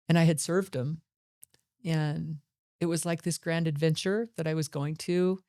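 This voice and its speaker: A middle-aged woman hosts a podcast, recounting her own life story in an earnest, reflective monologue. Her voice is low and mellow.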